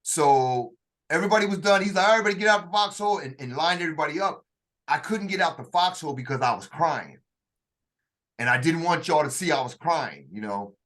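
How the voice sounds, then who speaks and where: A man telling a personal story in conversation, halting and restarting often, acting out what others said. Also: on the high side, animated, fairly bright tone. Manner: halting, with frequent restarts and acted-out quotes. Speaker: author telling his story.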